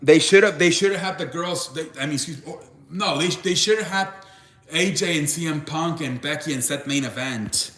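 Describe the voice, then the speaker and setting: A young man talks through a casual live stream, rambling and tripping over his restarts as he answers chat. His voice sits a bit high for a man, and the room around him rings with echo. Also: moderate pace, fairly bright tone. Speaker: live show host. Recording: echoey room.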